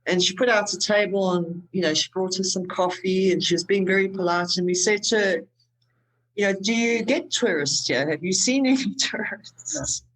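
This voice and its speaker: A woman's voice: medium pitch, moderate pace, low-quality recording. Woman, laughing storyteller. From South Africa. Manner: laughs often while telling stories. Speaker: podcast guest, motorcycle traveler. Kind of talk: casual storytelling chat.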